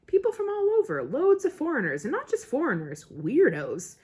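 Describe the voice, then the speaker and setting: A woman reading the part of a suspicious middle-aged male campsite keeper in a blunt, gruff way. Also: high voice, huge pitch swings, moderate pace, darkish tone, voice pushed up, heavily acted.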